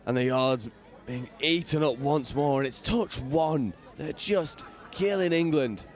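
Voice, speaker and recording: A man giving lively play-by-play commentary from a balcony at an outdoor sports ground, with casual slang. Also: on the high side, a little slow. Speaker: match commentator.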